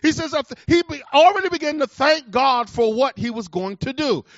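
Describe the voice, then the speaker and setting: A middle-aged man preaching a sermon and telling a personal story, emphatic, swinging between loud bursts and low asides. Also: a little fast, no echo. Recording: dull lo-fi recording.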